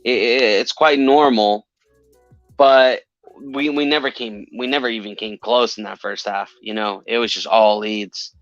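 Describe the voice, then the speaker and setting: A man's voice: mid-range voice, fairly even intonation, measured pace, fairly bright tone, no room sound, soft background music. Chatty man on a lo-fi call-in line. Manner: chatty, repeats himself, many fillers. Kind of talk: casual call-in chat. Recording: dull lo-fi sound.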